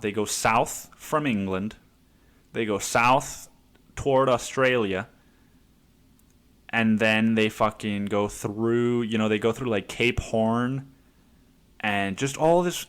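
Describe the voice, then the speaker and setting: A man's voice: medium pitch, a bit bright. A man in his twenties hosting a podcast, rambling casually with lots of swearing and laughter. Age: 20s. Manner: rambling, profane, laughs often. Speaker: podcast host. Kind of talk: casual monologue.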